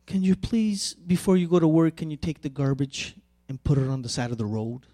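A man's voice: on the high side, animated, a little fast, mellow, voice pushed down, lightly acted. A man voicing a wife who asks her husband for a chore, in a coaxing tone. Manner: coaxing request. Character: wife asking her husband to take out the trash.

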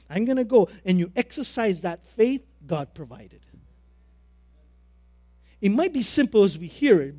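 A middle-aged preacher whose voice sits high shares a personal story in his sermon, leaning on repeated phrases and big jumps in volume. The audio is free of echo.

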